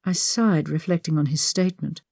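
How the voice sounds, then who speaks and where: Low-voiced woman narrating an audiobook. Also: moderate pace, creaky, darkish tone, no room sound, clean studio sound. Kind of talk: scripted first-person audiobook narration.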